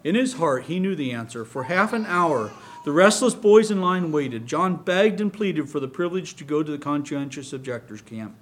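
A man reading a story aloud to his congregation in a calm, steady voice. His pitch sits a bit above the usual male range. A faint hiss lies under the recording. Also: moderate pace, few pauses. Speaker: preacher.

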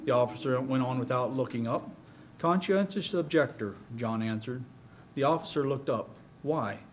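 A man preaching, reading a story aloud to a congregation in a calm, steady way. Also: medium pitch, brisk, slight background noise.

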